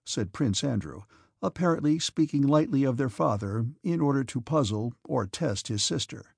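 A man narrating a classic novel as an audiobook in a measured storytelling manner. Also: mid-range voice, gravelly, a little mellow, breathy edge, no room sound, studio quality.

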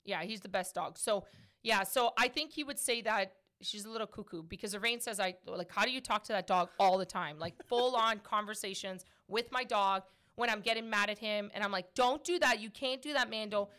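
A woman in her thirties hosting a podcast, answering questions in a chatty, animated way. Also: medium pitch, brisk. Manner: chatty, animated, laughs often. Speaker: podcast host. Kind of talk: casual podcast Q&A chat.

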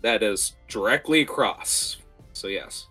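Bright, forceful game master man. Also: on the low side, unhurried, slightly rough, soft background music. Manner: lively, rambling with fillers and asides. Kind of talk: narrating a tabletop game.

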